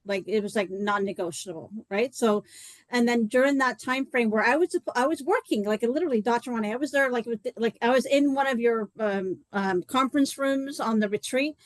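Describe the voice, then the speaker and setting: A woman talks in a chatty, rambling way and fills her story with "like" and "you know." Her voice sits a little high and sounds dry and close, with almost no room around it. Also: a little fast, no room sound, poor audio. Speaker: co-host presenting a detox program. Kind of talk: live online talk, personal story.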